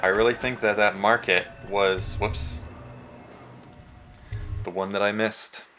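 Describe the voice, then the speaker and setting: A man's voice: fairly low pitch, steady tone, slow pace, pushed and bright, faint music behind. Jokey young man narrating gameplay. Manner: jokey, self-mocking, rambling asides. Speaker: let's play host. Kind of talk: gameplay commentary.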